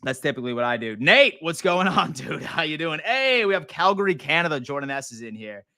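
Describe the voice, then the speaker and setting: Young male stream host from Western New York, bright, clear voice, dry close sound, loose and profane, hyped. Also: a little high, very animated, quick pace, dry recording. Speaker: sports live stream host. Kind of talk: casual live stream chat.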